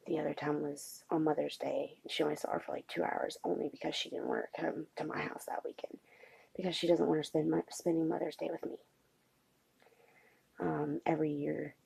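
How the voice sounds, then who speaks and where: Woman vlogger, late-night confessional, gravelly rasp, very low, halting. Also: no echo, poor audio. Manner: hushed, halting, many pauses and fillers. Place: home at night.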